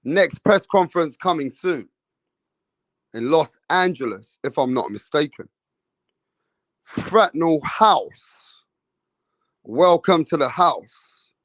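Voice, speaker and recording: A man's voice: a little high, expressive, takes it slowly, pauses often, no echo. Slangy man hosting a livestream. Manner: greets chat viewers by name, slangy. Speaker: boxing livestream host. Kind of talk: casual livestream chat.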